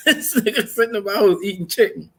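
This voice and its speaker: A man with a high-pitched, animated voice talks a little fast, with a little hiss or hum in the audio. As a co-host on a casual podcast, he tells stories laced with profanity and laughter.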